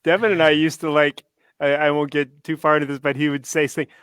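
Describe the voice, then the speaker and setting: A man, the band's bass player, chatting on a live stream, telling animated stories and laughing through them. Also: quick pace, clear, resonant tone, no room sound. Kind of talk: casual live-stream chat.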